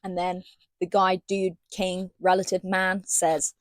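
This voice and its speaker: A woman's voice: lowish voice, steady tone, a little slow, dry recording. A woman giving a sarcastic, slangy casual book review, reading passages aloud between rants. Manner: sarcastic, ranting, slangy asides.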